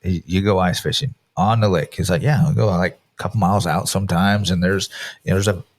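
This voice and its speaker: A man with a low voice from Kansas talks casually and laughs easily as he tells stories. The recording is dry and close, with no room sound. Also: steady tone, quick pace, dry recording. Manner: chatty, laughs easily while telling stories. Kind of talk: casual chat.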